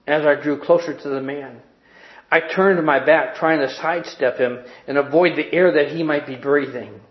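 A man preaching who reads a story aloud to his congregation in an earnest way, easing down softly at the tender parts. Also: a little high, steady tone. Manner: earnest, slowing and softening at tender moments. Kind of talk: reading a story aloud in a sermon. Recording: roomy, dull sound.

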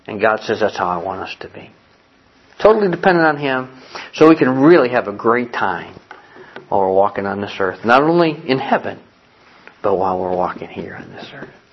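An older man preaching a sermon, animated, moving between hushed and loud passages. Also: fairly low pitch, brisk, lo-fi sound. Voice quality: gravelly, husky. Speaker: pastor.

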